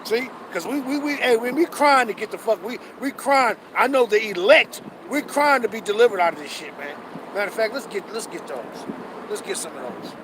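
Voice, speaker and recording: A man street-preaching a sermon outdoors, fervent and profane. He repeats himself and reads scripture slowly. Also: sits high. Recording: loud street noise behind.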